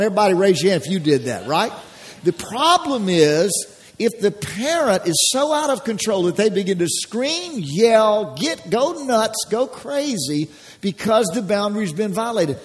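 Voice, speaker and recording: Male preacher with a high voice, folksy sermon delivery that acts out scenes and works the crowd.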